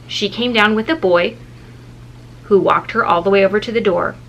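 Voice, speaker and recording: A woman in her thirties, a mother and vlogger, telling a story in a casual, animated way and acting out the people in it. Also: normal speed, lo-fi sound, a little hiss or hum. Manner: animated, acts out quoted people with shifting pitch.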